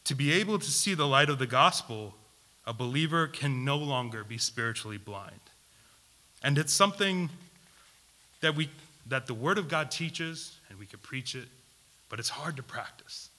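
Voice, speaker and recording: Bright-voiced male preacher, emphatic. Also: mid-range voice, moderate pace. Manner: asks the audience questions, emphatic repetition; lively swings between loud and soft delivery. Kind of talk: sermon.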